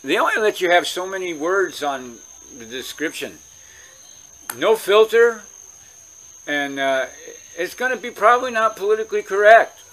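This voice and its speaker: A man from California rambles through a casual story for his channel. His voice is bright and ringing and sits a touch high, and he keeps circling back and restarting his sentences. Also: lively intonation, normal speed, long pauses. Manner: rambling, chatty, many restarts. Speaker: vlogger.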